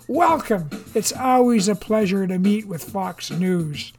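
A reader voicing a boastful male senator who speaks in a sonorous Texas twang and pitches his voice higher for speechmaking. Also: lively intonation, slow pace, darkish tone, soft background music. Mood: eager. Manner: raised pitch, grandstanding speechmaking. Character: boastful male Texan senator, showy and self-satisfied.

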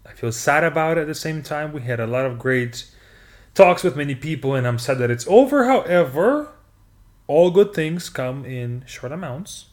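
A man's voice: on the high side, moderate pace. Upbeat male podcast host. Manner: upbeat, animated, laughs often. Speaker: podcast host teaching Russian. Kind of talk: casual podcast chat and language lesson.

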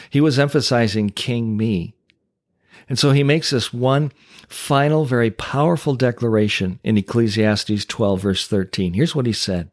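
A man's voice: lowish voice, animated, normal speed, dry recording, studio quality. A man hosting a Christian teaching podcast, speaking in an emphatic preacherly way with rhetorical questions. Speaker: podcast host and Christian coach.

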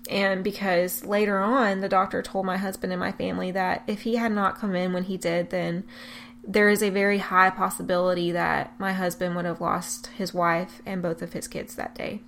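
A woman's voice: mid-range voice, gravelly, a bit bright, a little hiss or hum. Earnest young mother, tearful testimony. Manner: emotional, tearful at times, earnest. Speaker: mother telling her birth story. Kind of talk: personal testimony.

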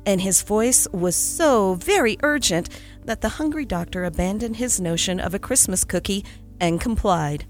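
A woman narrating a classic holiday story in an expressive, storytelling reading. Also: medium pitch, normal speed, faint music behind.

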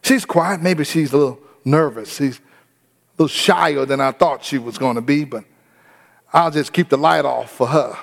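A preacher voicing an eager young groom, emphatic. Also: male voice, fairly high pitch, moderate pace, vocal fry, long reverb tail. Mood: musing. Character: lovestruck young groom, man, eager then outraged.

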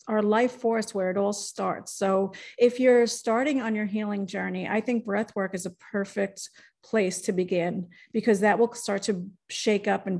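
Woman, podcast host, mid-pitched with a gravelly edge, encouraging, chatty and personal. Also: a little mellow. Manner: encouraging, conversational, personal and affirming. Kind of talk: casual interview chat.

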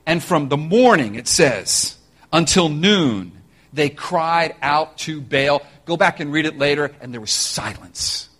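A man preaching a sermon, telling a story with animated energy, joking asides, and direct appeals to his listeners. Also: a little high, measured pace. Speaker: pastor.

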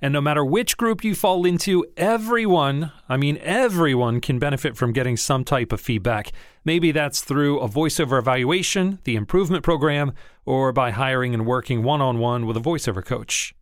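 A man's voice: mid-range voice, lively intonation, fairly quick, no echo, studio quality. A man who coaches voiceover, talking through practice tips in a conversational, encouraging way and stressing key words. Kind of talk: instructional talk to camera.

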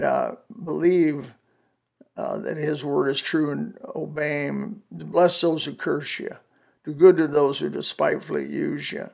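An older man in his seventies gives a podcast testimony sermon with a raspy, gravelly edge. His voice sits a little high for a man, and he tells his story earnestly and folksily, quoting scripture along the way. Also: a little mellow. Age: 70s. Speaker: podcast preacher.

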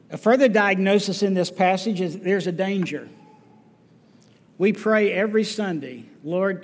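High-voiced preacher in an echoing hall. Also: male voice. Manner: earnest, deliberate, emphatic repetition. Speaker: pastor. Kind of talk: sermon. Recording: long reverb of a church hall.

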